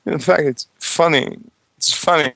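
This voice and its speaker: A man chatting casually on a gaming podcast, rambling and joking, quick to laugh. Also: on the high side, gravelly, sharp tone, no echo. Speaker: tabletop game master on a gaming podcast.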